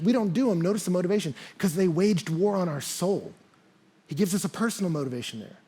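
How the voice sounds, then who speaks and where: Gravelly, husky-voiced male pastor preaching. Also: high voice. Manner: conversational preacher, acts out quotes and asides. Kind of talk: sermon. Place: church.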